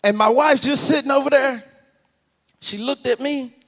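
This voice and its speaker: A man preaching a storytelling sermon, animated and talking straight to the congregation, often rising to a shout. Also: very high-pitched, normal speed. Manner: animated, swings to shouting, addresses the congregation directly. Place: large church sanctuary. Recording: long church reverb.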